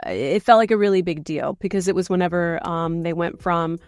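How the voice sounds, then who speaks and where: A woman, a voice actor guest, talking in a relaxed, thoughtful way on a podcast. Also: fairly low pitch, fairly quick, no room sound, soft background music. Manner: relaxed, thoughtful, reacts with short exclamations. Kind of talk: casual interview chat.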